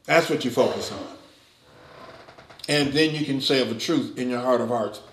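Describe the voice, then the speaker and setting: A man preaching to a Bible class, swinging between loud, emphatic passages and quiet, low asides. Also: moderate pace, echoey room. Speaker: pastor teaching a Bible class. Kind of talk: sermon.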